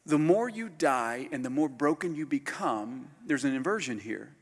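A man, a pastor preaching a storytelling sermon that swings from loud bursts to hushed near-whispers. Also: mid-range voice, lively intonation, moderate pace, breathy edge. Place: conference hall. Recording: live hall recording with long reverb.

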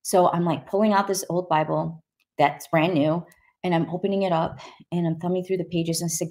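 A woman recounting her personal testimony with vivid emphasis. She tells the story in a lively way and acts out the quoted voices. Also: lowish voice, fairly quick. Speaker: guest sharing a personal testimony.

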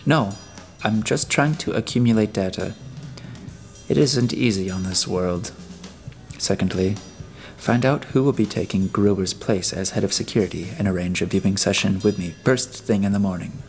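A dogged, weary detective, read by a male narrator, speaks in a low, level and terse voice. There is a gravelly rasp in his delivery, and soft music plays faintly underneath. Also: moderate pace, natural voice. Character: stern Earth detective, man, dogged and weary. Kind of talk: audiobook character voice.

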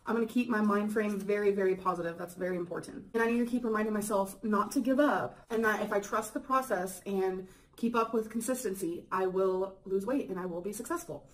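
A woman vlogging casually to camera, chatty and excitable with frequent giggles. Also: medium pitch, a little fast, low-quality recording.

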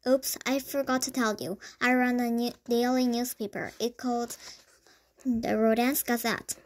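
A woman reading a children's book aloud, in a lively storytelling manner with small stumbles. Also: a little high, normal speed. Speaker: storybook reader.

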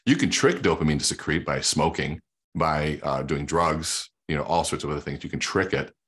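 A man's voice: very deep voice, moderate pace, fairly bright tone, breathy edge. A middle-aged man, a guest sales coach, explaining research with emphatic storytelling and quoted dialogue. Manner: teaching while drawing on a whiteboard. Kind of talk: energetic explanatory talk.

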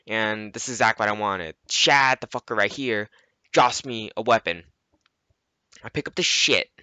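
A man's voice: on the low side, sharp tone, no echo. A man narrating his gameplay in a casual, rambling way, swearing constantly. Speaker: gameplay commentator.

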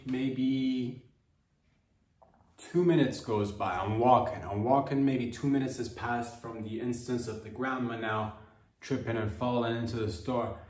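A man's voice: mid-range voice, a little mellow. Man, comedic storyteller, rambling, swearing, roomy echo, off-mic. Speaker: podcast host. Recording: echoey room, distant mic.

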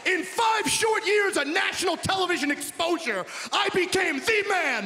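A very high-pitched man from Long Island, New York, bellows a boastful, taunting wrestling promo into a handheld mic. His voice rings through a big echoing arena hall while a crowd is clearly heard around him. The trash talk comes in loud, mocking bursts. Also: expressive, normal speed, hardly any pauses, background noise. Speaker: pro wrestler. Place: large indoor arena.

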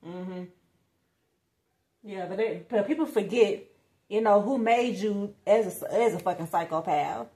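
Speaking a little slowly with frequent pauses, this woman has a medium-pitched, dark-toned voice. She gives her viewers a casual tarot reading, talking bluntly in slang and swearing a lot. Her delivery is emphatic, broken up by bursts of laughter.

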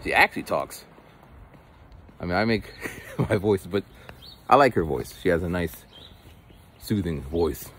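A man's voice: sits low, animated, unhurried, pauses often, fairly bright tone, slight background noise. A man talking outdoors in the cold in a casual, rambling monologue, often repeating words. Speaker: vlogger.

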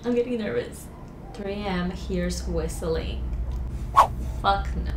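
A woman hosting a reaction video from home, talking casually, jumpy and excitable, swearing often. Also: medium pitch, slow, long pauses, echoey room, background noise.

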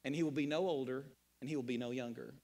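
A man's voice: mid-range voice, fast talker, a little mellow, long reverb tail. A man preaching a sermon as pastor, emphatic and rhetorical, repeating key phrases and asking questions of his listeners. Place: church sanctuary.

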